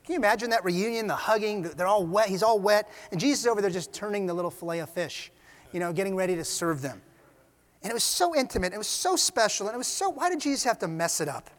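A man preaching a sermon, retelling scenes with animated storytelling and casual asides. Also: high-pitched, fast talker. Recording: reverberant hall.

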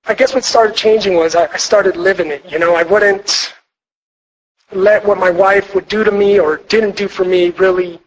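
Earnest high-voiced man at a retreat. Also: fairly even intonation, moderate pace, rough recording. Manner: earnest, rambling, many fillers and restarts. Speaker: speaker sharing his testimony at a marriage retreat. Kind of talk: personal testimony talk to an audience. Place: church retreat hall.

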